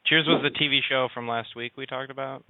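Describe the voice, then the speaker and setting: Brief: male co-host, quick talker, bickering, mid-pitched voice. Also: steady tone, dry recording. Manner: bickering, complaining about interruptions. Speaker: co-host running a segment. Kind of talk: casual comedy podcast banter. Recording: dry, tinny lo-fi sound.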